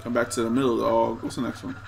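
A young man casually commenting on his own gameplay, excitable and trash-talking the other players. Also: mid-range voice, fast, gravelly, a little hiss or hum. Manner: excitable, talks to himself and chat, trash-talks players. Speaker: gaming streamer.

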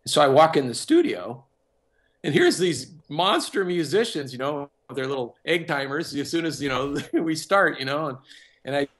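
A man's voice: on the high side, lively intonation, normal speed, fairly bright tone. A man who works as a music producer and composer, telling a personal story in a casual interview and acting out other people's lines as he goes.

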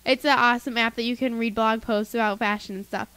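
A teenage girl with a high voice chats her way through listener emails on a kids' podcast, breaking off with giggles and asides. The sound is close and dry, with no room around it. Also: steady tone, fast, fairly bright tone, smooth, no room sound, poor audio. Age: teens. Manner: chatty, giggly, reads emails aloud with asides. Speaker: co-host reading listener emails. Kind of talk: casual podcast chat.

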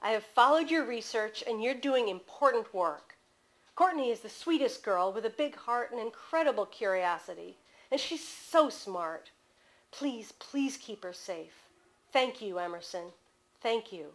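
A woman's voice: fairly high pitch, expressive, a little slow. A woman reading aloud a worried mother's letter, earnest and pleading.

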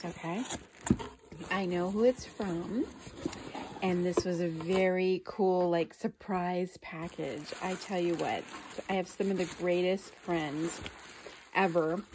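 Gushing woman unboxing gifts, slow-talking. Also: lowish voice, a little mellow, a little hiss or hum. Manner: gushing, gasping and laughing often. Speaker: doll channel vlogger. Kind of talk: casual unboxing vlog.

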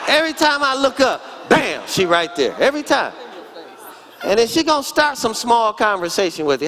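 A man's voice: extremely high pitch, sing-song, normal speed, a bit bright, some chatter behind. A pastor in his forties preaching a sermon in church, emphatic and calling out to the congregation. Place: church sanctuary.

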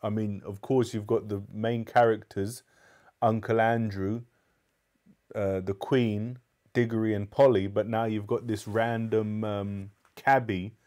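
A man with a low voice reads a children's classic aloud live, steady and measured. Between chapters he chats in a relaxed, easygoing way as a book club host. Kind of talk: live audiobook reading and casual chat.

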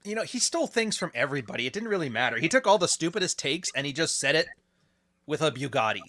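A man's voice: a little high, big pitch swings, quick pace, sharp tone. An American man hosting a casual podcast chat, blunt and sarcastic, often mocking others in quoted voices. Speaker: podcast host. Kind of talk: casual conversation.

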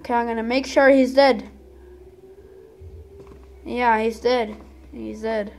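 A woman's voice: a little high, fairly even intonation, slow, pauses often, a little mellow, faint music behind. A woman giving casual, playful gameplay commentary with dramatic outbursts at the game. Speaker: gaming channel host.

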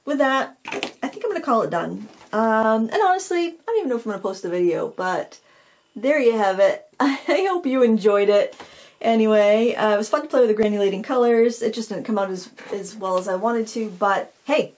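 Gravelly-voiced woman painting and thinking aloud. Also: fairly high pitch, expressive, brisk, a little mellow. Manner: thinking aloud while painting, self-critical and candid. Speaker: craft video host. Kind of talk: casual painting tutorial talk.

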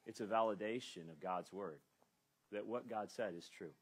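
A man's voice: lowish voice, moderate pace, husky. A male pastor preaching an expository sermon with emphatic delivery, acting out the lines he quotes. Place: church.

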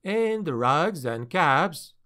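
A man voicing an excitable foreign male ship captain who pleads and protests in a fussy way, for an audiobook. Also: on the high side, very slow, full character voice. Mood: cajoling.

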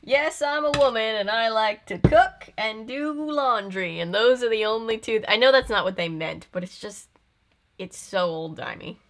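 A woman's voice: on the high side, animated, moderate pace, fairly bright tone, a little hiss or hum. A young woman with a Southern US accent, hosting a casual reaction video in a chatty, sarcastic way. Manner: sarcastic, chatty, swears freely. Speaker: video host.

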